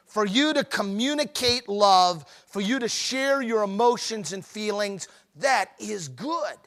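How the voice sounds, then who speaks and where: Bright-voiced man telling funny stories. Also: high-pitched, measured pace, hardly any pauses. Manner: animated storytelling with playful self-mockery. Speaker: marriage seminar speaker. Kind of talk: humorous seminar talk to couples.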